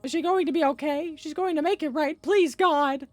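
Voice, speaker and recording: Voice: normal speed, a little mellow, faint music behind, close to an everyday voice. A streamer voicing a frantic father pleading over his badly hurt daughter, reading from a story game. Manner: pleading, shrill.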